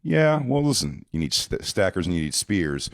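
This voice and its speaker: A man's voice: deep voice, very animated, moderate pace, dry recording, studio quality. A man on a comedy podcast, riffing in casual chat and jumping into silly bits. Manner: riffing, jumps into silly bits and put-on voices.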